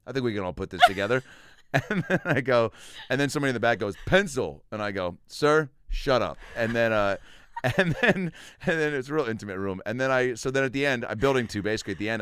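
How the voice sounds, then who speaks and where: Low smooth-voiced man hosting. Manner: animated storyteller acting out bits. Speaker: podcast host. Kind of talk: casual chat, telling a stand-up story.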